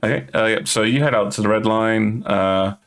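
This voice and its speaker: Low-voiced man running a tabletop game. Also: normal speed, fairly bright tone. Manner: casual, hesitant with many fillers. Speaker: game master.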